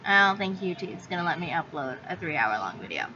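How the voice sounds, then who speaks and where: A woman's voice: fairly low pitch, very animated, fairly quick. A young woman reviewing a book in a casual vlog, talking in a chatty, filler-heavy way and swearing freely. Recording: slightly dull audio with faint hiss.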